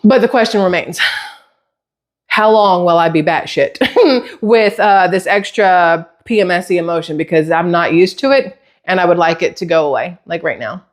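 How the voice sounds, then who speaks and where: A woman's voice: on the low side, moderate pace. A middle-aged woman vlogging casually from her home kitchen, rambling off on tangents and swearing lightly. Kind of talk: casual chatty vlog.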